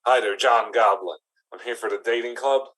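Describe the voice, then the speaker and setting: A man doing a nervous, introverted male goblin in an improv comedy scene. He rushes his words and pleads for advice in a slightly raised voice. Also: mid-range voice, fairly bright tone, natural voice, rough recording. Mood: anxious.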